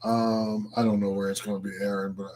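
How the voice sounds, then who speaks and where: A man's voice: fairly low pitch, little pitch movement, brisk, darkish tone, slight background noise. A man co-hosting a casual chat show who rambles through stories in a playful, loose way.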